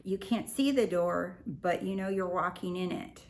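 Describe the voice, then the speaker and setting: A woman, a spiritual life coach, talking casually to her viewers in a lively, slangy way and acting out the voices she quotes. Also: fairly low pitch, moderate pace. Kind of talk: casual talk to camera.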